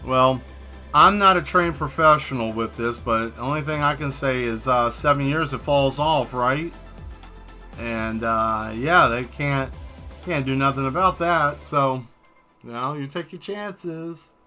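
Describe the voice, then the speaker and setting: A man's voice: medium pitch, measured pace, sharp tone, soft background music. A man hosting a casual livestream while he draws, joking and rambling straight to his viewers. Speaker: livestream host painting and answering chat.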